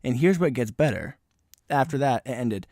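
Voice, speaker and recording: Man, young adult, podcast co-host, animated storyteller, laughs a lot, mid pitch, dry room. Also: normal speed, dry recording. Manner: animated storyteller, mimics people he met, laughs often. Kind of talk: casual chat.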